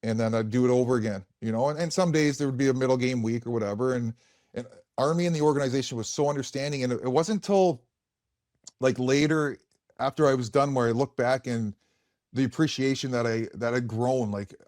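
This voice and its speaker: A man in his forties, once a hockey player, tells casual podcast stories in a frank, rambling style full of fillers and swearing. His mid-range voice runs a little fast and a little mellow, recorded as clean studio sound without echo.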